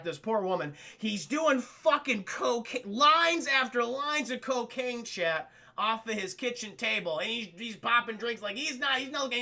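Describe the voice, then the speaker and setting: Gravelly, animated male film recapper. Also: very high voice. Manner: animated, profane, addresses chat constantly. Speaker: film reviewer streaming to chat. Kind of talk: casual, profane scene-by-scene recap.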